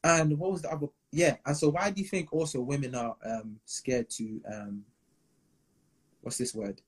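A laid-back man hosts a casual live stream, nodding along with frequent mm-hmms. His voice has a husky, slightly rough grain. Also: on the high side, fairly even intonation, normal speed. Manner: laid-back, agreeable, many fillers. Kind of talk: casual chat.

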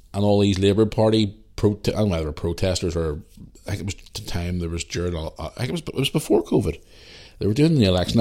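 A podcast host from Northern Ireland, speaking with a Northern Irish accent, delivers a casual monologue, telling stories bluntly and with strong opinions. His voice is low with a dark tone.

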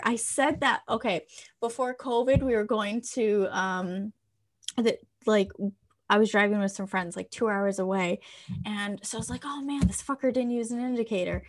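A woman's voice: fairly high pitch, moderate pace. A woman with an Irish accent, from Ireland, co-hosting a podcast in casual chat and swearing freely as she rants playfully. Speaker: podcast co-host.

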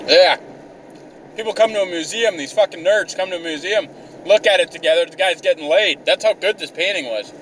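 A man's voice: high voice, a little fast, a bit bright. A young man ranting exasperatedly in a profane, comedic vlog, swearing constantly. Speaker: vlogger. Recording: mic a bit distant, faint car noise.

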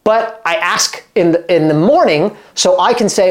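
A man in his thirties from Oregon, working as a fitness coach and chatting to camera. He talks in an animated, emphatic way, drops lots of "like" fillers, and restarts his sentences. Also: sits high, normal speed. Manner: animated and emphatic, acts out quoted dialogue. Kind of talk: casual talk to camera.

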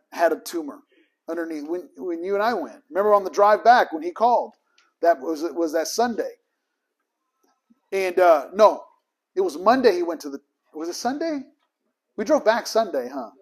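A man's voice: high voice, animated, normal speed, pauses often, husky. A man teaching a ministry training group in a casual, emphatic way, acting out both sides of the conversations in his stories.

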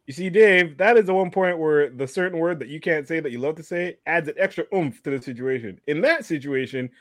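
A man's voice: on the high side, a little fast, dry recording. A man co-hosting a casual livestream podcast, teasing the others and laughing a lot. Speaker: podcast co-host.

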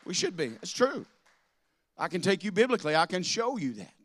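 A man preaching a sermon to a congregation, swinging from loud declarations to soft asides. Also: sits high, sing-song, a little fast. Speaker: pastor. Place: church with a congregation.

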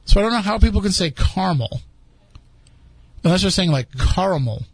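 A man's voice: high voice, rapid-fire, husky, no room sound. Chatty man hosting a podcast. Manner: rambling, chatty, frequent restarts. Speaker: podcast host. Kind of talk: casual chat.

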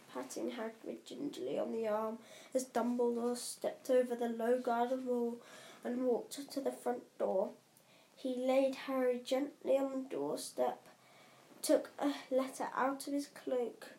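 A woman's voice: a little high, warm tone. A woman reading a children's story aloud at home, with occasional slips. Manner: slow, unhurried, occasional slips. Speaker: audiobook reader. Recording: roomy echo, faint hiss.

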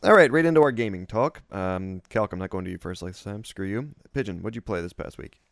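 A man's voice: fairly low pitch, animated, fairly quick, creaky, no room sound, studio quality. A man hosting a casual podcast chat, teasing his co-hosts while running the segments. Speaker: podcast host.

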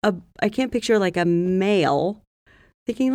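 A woman's voice: medium pitch, expressive, moderate pace, warm tone, no room sound. A woman co-hosting a podcast, teasing her partner and reading listener mail in casual chat. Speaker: podcast co-host.

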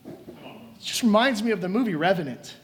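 A man with a high voice preaches at a moderate pace, with a little hiss or hum in the recording. His sermon retells a story with animated flair as he acts out the scenes.

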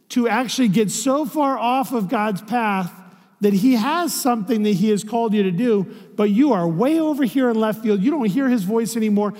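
A man's voice: high voice, a little mellow, in a large hall. A man preaching a sermon as a pastor, in a conversational way, often asking rhetorical questions.

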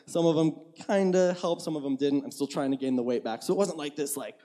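Young man preaching in a mellow voice. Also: a little high, fairly quick. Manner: conversational, candid, acts out his own inner dialogue. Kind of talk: sermon.

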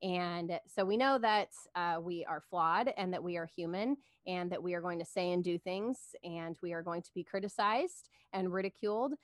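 A woman's voice: on the low side, moderate pace, few pauses, dry recording, clean studio sound. A woman guesting on a faith podcast, talking about her own show in an earnest way with frequent giggles. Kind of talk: casual faith-based podcast chat.

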